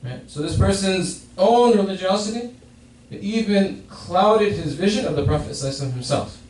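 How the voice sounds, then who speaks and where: A man with a high, expressive, slightly mellow voice speaks fairly quickly as he gives a Friday sermon on a hadith, frequently restarting and repeating his phrases. The mosque prayer hall sounds echoey, with a distant mic and faint noise.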